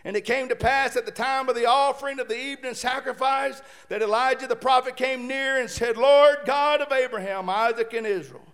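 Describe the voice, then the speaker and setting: A man preaching a sermon, shouting fervently at times and reading scripture aloud with playful asides. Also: very high voice, fairly even intonation, brisk, few pauses. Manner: playful asides while retelling the story.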